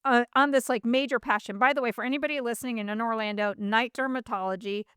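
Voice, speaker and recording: A woman's voice: a little high, fast talker, fairly bright tone, clean tone, dry recording, studio quality. A middle-aged woman hosting a podcast, telling a story casually and animatedly, with many fillers and acted-out quotes. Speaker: podcast host.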